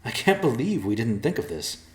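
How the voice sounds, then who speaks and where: A man's voice: mid-range voice, sing-song, normal speed, echoey room, voice pushed up, close to an everyday voice. A man voicing an earnest, polite young human man on a quest. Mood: eager.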